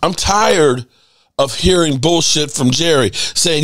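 A man's voice: on the high side, lively intonation, slow pace, fairly bright tone. Heated, profane man ranting. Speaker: sports channel host. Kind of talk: ranting commentary.

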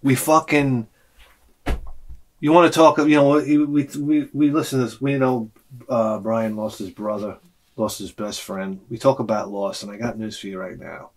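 A man's voice: mid-range voice, steady tone, moderate pace. Profane rambling male vlogger. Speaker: vlog host. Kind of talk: casual ranting monologue.

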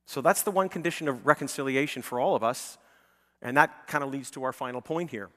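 A man's voice: mid-range voice, fairly quick, bright, forceful tone. A male pastor preaching a conversational sermon, often checking in with the congregation with "okay?" and "right?", and building to emphatic, pleading peaks. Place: church sanctuary. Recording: long church reverb.

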